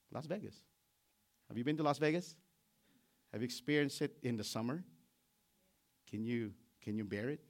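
A middle-aged man preaching a sermon in an animated way, acting out biblical characters and laughing as he goes. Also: mid-range voice. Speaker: pastor.

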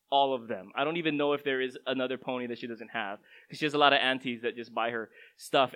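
High-voiced man preaching conversationally. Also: fairly bright tone, rough recording. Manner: conversational preaching, storytelling, voice swells and drops. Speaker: pastor. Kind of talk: sermon.

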